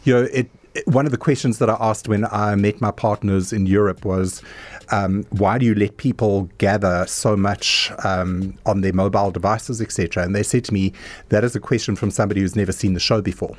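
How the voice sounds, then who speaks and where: A man's voice: lowish voice, steady tone, a little fast. A man who is a chef and company founder, speaking as a guest in a radio interview in a thoughtful, hesitant way.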